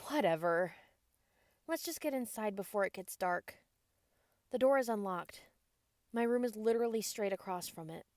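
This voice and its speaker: A woman voicing a shy, playfully teasing young woman in a whispered role-play, bright and eager. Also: medium pitch, unhurried, pauses often, no room sound, close to an everyday voice.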